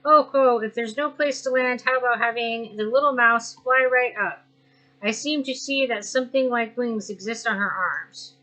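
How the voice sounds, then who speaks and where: A woman's voice: a little high, moderate pace, bright, forceful tone, poor audio. A woman voicing a jolly old male bird boss who chuckles often and rambles. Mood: cheerful.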